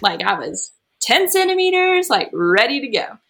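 A woman's voice: fairly high pitch, sing-song, moderate pace, fairly bright tone. A woman, a podcast guest talking through a personal story in a chatty way and laughing often. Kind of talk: casual storytelling.

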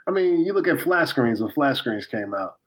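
A man's voice: mid-range voice, big pitch swings, normal speed, low-quality recording. A man co-hosting a podcast in casual chat, emphatic and jokey, with plenty of swearing. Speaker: podcast co-host.

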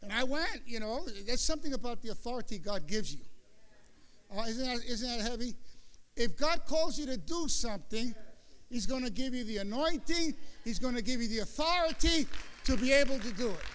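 An older man preaching a sermon as pastor, telling stories in a lively street-wise way, moving between muttered asides and loud exclamations. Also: very high voice, brisk.

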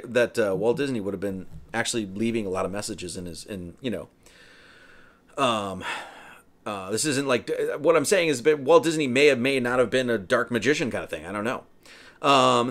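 A man giving a casual, rambling film commentary, full of "you know" and "right?". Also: fairly low pitch.

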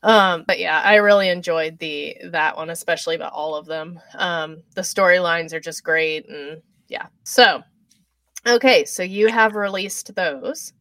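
A woman with a slightly low voice hosts an interview over a video call. She talks in a chatty, enthusiastic way and fills pauses with ums. The sound is dry and close. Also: fairly bright tone, dry recording. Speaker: podcast host. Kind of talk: casual interview chat.

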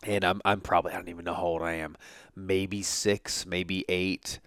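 A podcast host in his thirties recalls his childhood in a loose, fond, rambling way, often stopping to add "you know." His voice sits a little low and sounds clear and smooth. The recording is dry and close. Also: little pitch movement, normal speed, a bit bright, no echo. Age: 30s. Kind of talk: casual personal storytelling.

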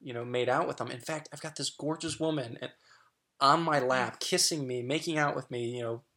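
A man's voice: medium pitch, brisk, bright, forceful tone. A middle-aged man sharing candid personal stories as a guest, frank and chatty with lots of fillers and restarts.

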